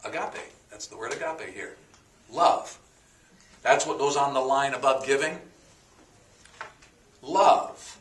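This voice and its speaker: A man's voice: medium pitch, slow pace, pauses often, fairly bright tone, far from the mic, slight background noise. A man teaching a sermon, explaining words one by one in a folksy way with fillers and a joke. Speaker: pastor. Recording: echoey room, voice from off the mic.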